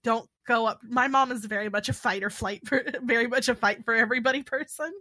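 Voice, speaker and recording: A woman guest on a podcast in casual chat, telling stories with animated delivery and quick laughs. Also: on the high side, no echo. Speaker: guest, tabletop game writer.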